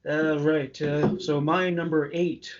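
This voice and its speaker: Male podcast co-host, slightly high voice, hesitant casual delivery, lo-fi audio. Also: level tone, slow pace, a little hiss or hum. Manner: hesitant, many fillers and restarts. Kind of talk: casual fan chat.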